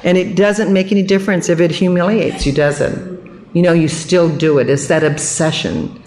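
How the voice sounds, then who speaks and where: Older woman telling a lively recovery story. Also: fairly low pitch, moderate pace, slight background noise. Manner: animated storyteller, acts out quoted voices with humor. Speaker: recovery meeting speaker. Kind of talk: personal recovery testimony.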